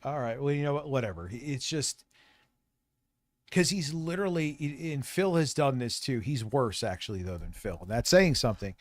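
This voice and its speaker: A man live-streaming, rambling and reacting loudly in casual, profane commentary. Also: medium pitch, expressive, moderate pace, no echo.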